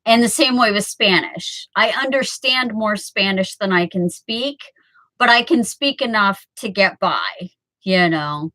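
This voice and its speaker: A woman in her fifties chats casually with viewers from home over a webcam, rambling and laughing often. Her mid-range voice has a sharp tone and lively intonation at a measured pace. The recording quality is rough.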